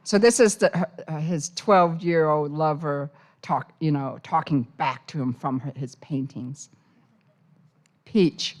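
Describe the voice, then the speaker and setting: A woman's voice: low voice, slow pace, a little mellow. A woman poet from Hong Kong giving a live poetry reading, with wry, teasing asides between the poems. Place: university poetry center reading room.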